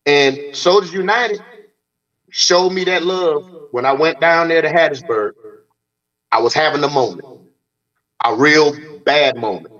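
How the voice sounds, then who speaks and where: A man's voice: fairly high pitch, unhurried, long pauses, fairly bright tone, lo-fi sound. A middle-aged man hosting a casual podcast chat, talking bluntly with plenty of cursing and acting out the back-and-forth of conversations. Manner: blunt, profane, acts out quoted exchanges. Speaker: host.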